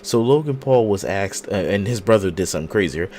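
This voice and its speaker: Deep-voiced man running through the news. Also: animated, fairly quick, a little mellow, slight background noise. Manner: dry, joking news rundown. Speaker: podcast co-host. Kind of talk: casual chat.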